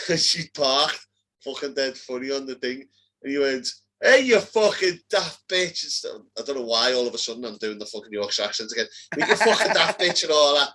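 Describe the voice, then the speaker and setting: Young liverpool man, bright forceful voice, sweary, animated storytelling, casual podcast chat. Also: mid-range voice, rough recording. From Liverpool, England. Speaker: co-host.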